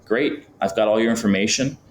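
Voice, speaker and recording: A man's voice: fairly low pitch, fairly quick, a little hiss or hum. A man from Florida, a podcast guest talking casually with lots of fillers and acting out sample phone calls. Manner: chatty, many fillers, acts out phone calls. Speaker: podcast guest, business founder. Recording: roomy, faint background ambience.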